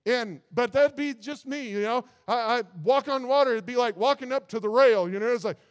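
Brief: male preacher, high voice, smooth and clear, folksy, stammers and repeats, reverberant hall. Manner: halting, repeats words, folksy and earnest. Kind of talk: sermon.

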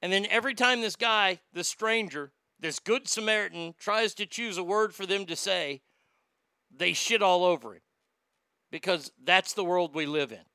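Male podcast host, profane and rambling, bright crisp voice, dry close mic. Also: high-pitched, normal speed, no echo. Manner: profane, rambling, reads listener comments aloud. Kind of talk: casual commentary.

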